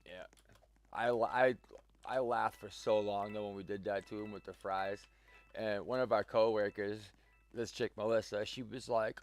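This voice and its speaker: A man's voice: fairly low pitch, fairly even intonation, moderate pace, faint music behind. Rambling male streamer telling a story. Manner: rambling, full of "like" fillers and restarts; chuckles while telling the story. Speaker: game streamer. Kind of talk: casual storytelling.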